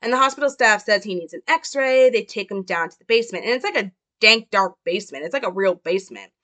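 A woman's voice: medium pitch, animated, quick pace, sharp tone. A young woman talking casually as she analyzes a film, chatty and hedging. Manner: chatty, hedging, full of fillers. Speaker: film commentator.

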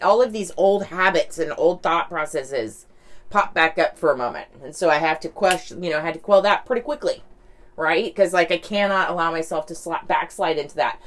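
A woman talking candidly in a casual reflective monologue, rambling, with lots of "like" and "right?". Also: on the low side.

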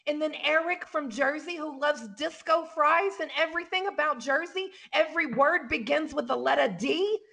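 Woman putting on a brash gravelly cougar realtor. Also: high voice, moderate pace, few pauses, heavily acted. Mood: catty. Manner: loud, bossy, catty, boastful. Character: brash flirty middle-aged woman realtor, self-styled cougar. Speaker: comic character in a podcast sketch. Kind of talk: improvised comedy sketch.

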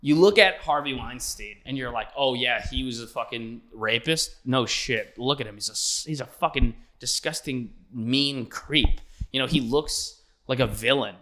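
A man's voice: medium pitch, moderate pace, fairly bright tone. A young man ranting casually as a podcast host, rambling and swearing, often breaking into laughter. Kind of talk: casual comedic rant.

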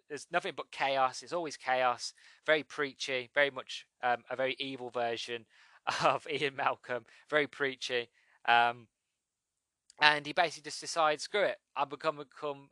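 In a dry recording, a man of medium pitch gives a casual spoken game review, rambling and chatty with frequent restarts of his sentences. He acts out lines from the game in sudden loud bursts.

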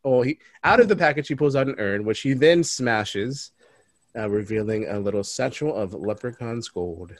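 A man's voice: medium pitch, normal speed, no room sound, studio quality. A young adult man hosting a podcast in casual chat, joking and laughing as he recaps a movie. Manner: jokey, laughs often, recaps with restarts. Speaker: podcast host.

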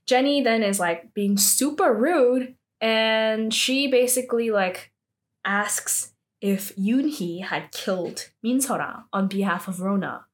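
A woman's voice: a little high, slow. Chatty woman recapping a drama. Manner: chatty, heavy use of 'like' fillers. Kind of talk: casual plot recap.

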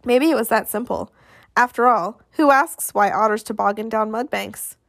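A woman narrating a novel as an expressive audiobook reader who acts out the dialogue. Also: on the high side, normal speed, dry recording, clean studio sound. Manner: expressive storytelling, acting out the dialogue. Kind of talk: scripted narration.

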